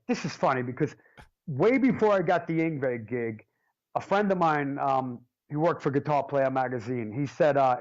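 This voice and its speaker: A man, a drummer being interviewed, telling stories in a casual, animated and jokey way and swearing freely. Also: mid-range voice, highs cut off. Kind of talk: casual storytelling.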